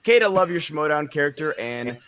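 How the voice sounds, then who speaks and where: A man's voice: fairly high pitch, expressive, a little fast, a bit bright. A man in a casual panel chat, teasing the other guests as a panelist. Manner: teasing, joking.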